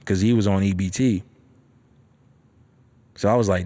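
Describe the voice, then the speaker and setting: A young man, casually telling a personal story, profane and animated, with lots of "you know what I'm saying". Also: medium pitch, fairly quick, pauses often.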